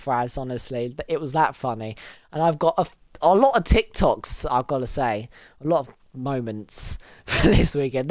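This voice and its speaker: Excitable woman commentating a race. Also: no echo, studio quality. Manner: excitable, laughs often, voice leaps high and loud in exciting moments. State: voice strained from shouting. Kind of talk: live sim racing commentary.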